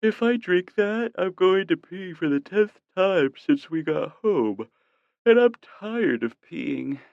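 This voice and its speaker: Sleepy, teasing young woman with a high voice, played by a male audiobook reader. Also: animated, takes it slowly, creaky, no room sound, muffled recording, heavily acted. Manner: drowsy, teasing.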